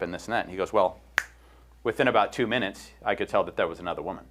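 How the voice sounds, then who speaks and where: A man's voice: lowish voice, fast, fairly bright tone. A middle-aged man hosting a casual podcast chat, retelling a counseling story with quoted lines and frequent fillers. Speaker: host.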